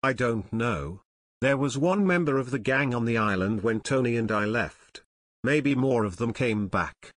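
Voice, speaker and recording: A man's voice: mid-range voice, animated, unhurried. A man reading an audiobook, voicing an anxious, determined teenage boy detective. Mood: worried. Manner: anxious and urgent.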